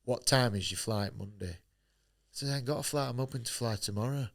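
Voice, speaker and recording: A man's voice: mid-range voice, a little fast, vocal fry. A man, a boxer telling his story bluntly in an interview, swearing freely and acting out what people said. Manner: blunt, swears freely, acts out quoted dialogue. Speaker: guest, professional boxer. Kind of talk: candid storytelling in a podcast interview.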